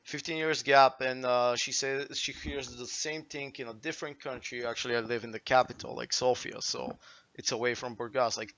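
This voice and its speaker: A man's voice: mid-range voice, little pitch movement, normal speed, vocal fry, a bit bright, lo-fi sound. Rambling young Bulgarian-accented man. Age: late teens. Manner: rambling, filler-heavy, swears freely. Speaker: streamer. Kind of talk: casual storytelling to stream chat.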